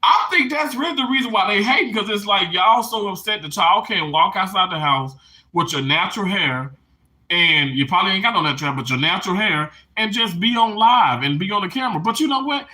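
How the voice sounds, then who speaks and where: A man live streaming casually to his chat, emotional and animated, laughing and tearing up as he talks. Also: sits high, a little fast.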